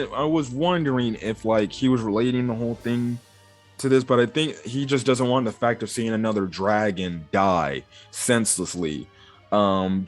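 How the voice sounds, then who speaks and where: A man retelling a comic chapter in casual video commentary, rambling with lots of fillers and quick voiced quotes. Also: on the low side. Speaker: manga reviewer.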